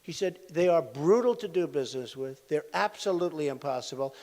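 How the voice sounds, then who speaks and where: High-voiced man at an echoey rally. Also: animated, brisk, darkish tone. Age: 60s. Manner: rambling, repetitive storytelling with asides to the crowd. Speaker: presidential candidate at a campaign rally. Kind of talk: campaign rally speech. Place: large rally venue. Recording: echoey hall sound from a rally venue.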